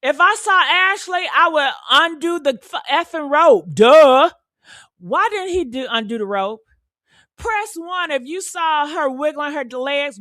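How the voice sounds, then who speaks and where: Bright, animated woman host. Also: high-pitched, no room sound, clean studio sound. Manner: animated, emphatic, swears freely. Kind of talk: live-stream true crime reaction chat.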